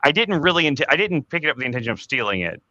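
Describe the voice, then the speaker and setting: A man's voice: on the high side, big pitch swings, rapid-fire, bright, forceful tone, highs cut off. A man in his forties hosting a casual group podcast, telling stories candidly and rambling through restarts, cursing when he gets worked up. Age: 40s. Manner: candid, rambling confessional storytelling with many restarts; swears freely when reliving anger. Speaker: podcast host.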